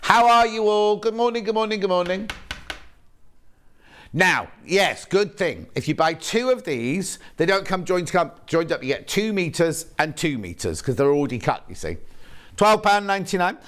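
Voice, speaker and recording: Man, somewhat high voice, shopping channel host, chatty, rambling, self-correcting, studio. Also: animated, moderate pace, fairly bright tone. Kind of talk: live sales presenting, reading viewer messages.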